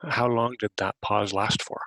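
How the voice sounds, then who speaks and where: A man hosting a podcast, gently guiding a breathing meditation with unhurried questions to the listener. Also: fairly low pitch, fairly even intonation, no room sound, low-quality recording. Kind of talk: guided meditation.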